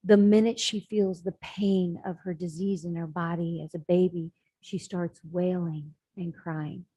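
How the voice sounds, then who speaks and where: Woman storyteller for a sermon, warm and husky, dry room sound, acts out the characters as she goes. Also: on the low side, steady tone, measured pace, dry recording, rough recording. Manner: dramatic storyteller voicing characters. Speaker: spiritual speaker.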